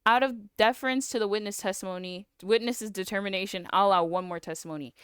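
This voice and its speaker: A woman's voice: mid-range voice, fast talker, fairly bright tone, a little hiss or hum, close to an everyday voice. A woman voicing a pompous older male judge in a courtroom game, reading his rulings in a formal way.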